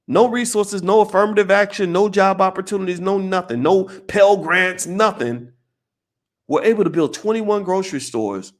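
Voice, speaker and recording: An American man giving casual video commentary, animated and emphatic, firing off rhetorical questions and repeating his points. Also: high-pitched.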